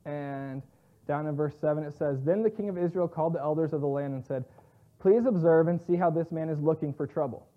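A man with a somewhat high voice teaches from scripture in a relaxed, chatty way, reading verses and then retelling them in plain slang. The sound is thin and narrow, as if heard over a phone line. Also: fairly quick. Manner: conversational, paraphrases scripture in everyday slang. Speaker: Bible teacher. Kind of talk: casual Bible teaching.

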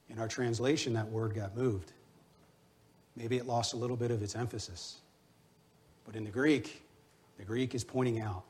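A man's voice: fairly low pitch, darkish tone. Earnest man preaching a sermon. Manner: earnest, exhorting, personal running anecdotes. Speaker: pastor.

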